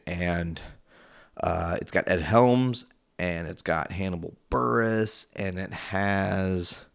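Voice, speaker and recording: A man hosting a casual solo podcast from his house, rambling and profane as he wanders off on tangents. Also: low-pitched. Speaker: podcast host.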